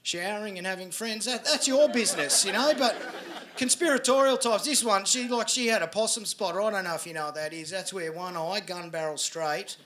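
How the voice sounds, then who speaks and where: Brash high-voiced Australian man on stage. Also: brisk, sharp tone. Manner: brash, swearing, asks the crowd for agreement. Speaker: stand-up comedian. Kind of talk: stand-up comedy set. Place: live comedy venue with audience. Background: audience laughter.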